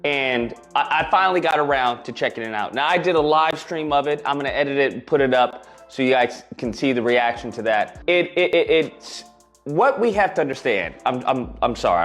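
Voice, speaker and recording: A man's voice: mid-range voice, animated, brisk, fairly bright tone, soft background music. A man giving emphatic, indignant reaction commentary, repeating phrases for emphasis.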